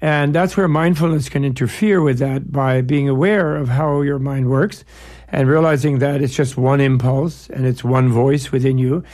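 A man's voice: mid-range voice, fairly even intonation, normal speed, a little mellow. A man as an interview guest, explaining ideas in a discursive, digressive way with playful analogies. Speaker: guest, Buddhist scholar.

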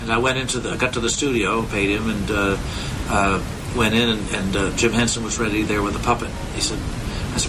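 A man in his seventies, a puppeteer, answering interview questions in a halting way with many fillers. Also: fairly low pitch, fairly even intonation, heavy background noise. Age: 70s.

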